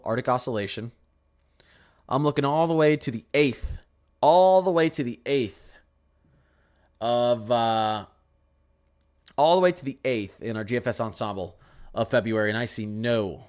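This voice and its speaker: A young man hosting a casual weather stream, answering viewer questions and rambling through model charts, often repeating himself. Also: on the low side. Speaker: weather channel host. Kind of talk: casual livestream weather talk.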